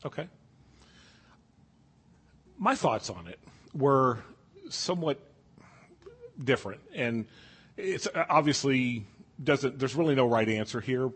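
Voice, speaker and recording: A man teaching an evening Bible study, talking through scripture in an easygoing, conversational way. His voice has a husky edge. He regularly stops to ask the class what they think. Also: mid-range voice. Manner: conversational, asks the class questions.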